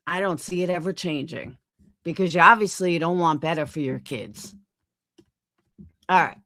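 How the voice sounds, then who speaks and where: A woman's voice: on the low side, pushed and bright, dry recording, studio quality. A woman streamer ranting angrily on a live stream, swearing often and firing rhetorical questions. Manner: angry, profane, rhetorical questions.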